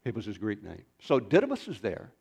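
A man's voice: fairly low pitch, wildly swooping pitch, brisk, creaky, darkish tone, slightly rough. A male pastor preaching a sermon in a folksy, storytelling way, with rambling asides.

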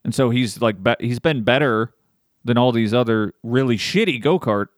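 A man co-hosting a podcast in casual chat, animated, swearing freely and laughing often. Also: mid-range voice, moderate pace, no room sound, studio quality. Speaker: podcast co-host.

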